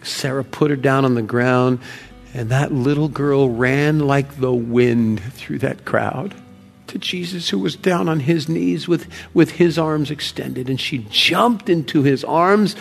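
An actor playing Josiah, a devoted ancient Hebrew father who earnestly recounts a miracle, shifting between loud wonder and hushed awe. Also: mid-range voice, a little slow, creaky, faint music behind. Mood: earnest storytelling. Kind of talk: dramatic first-person monologue.

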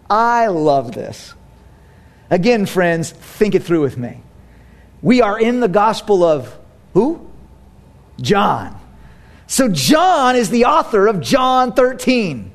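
A male pastor in his thirties preaches in a church, mixing family stories and jokes with direct appeals to his listeners. His voice is unusually high for a man and swings widely in pitch as he builds each point. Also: slow. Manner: animated, humorous storytelling, direct to congregation. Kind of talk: sermon.

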